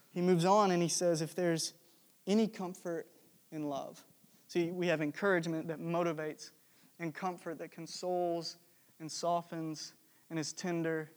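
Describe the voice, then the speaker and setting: High-voiced young man preaching casually. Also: a little mellow. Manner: conversational, jokey, with many fillers. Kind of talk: casual storytelling sermon.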